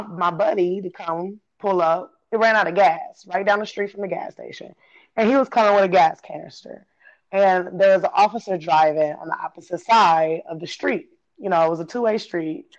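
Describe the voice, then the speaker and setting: A woman in her thirties from Illinois, telling her own story in casual talk, laughing often, cursing freely and acting out what people said. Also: on the low side. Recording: dull lo-fi recording.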